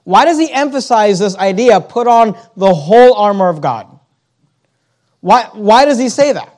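High-voiced man preaching a sermon. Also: expressive, moderate pace, a little mellow. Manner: emphatic preaching with rhetorical questions; reads scripture aloud in King James wording.

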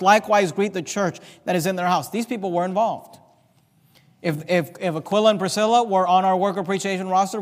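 Male pastor, high voice, sermon delivery with slow emphatic scripture reading; church hall with long reverb. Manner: reads scripture aloud with slow emphatic stress. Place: church sanctuary.

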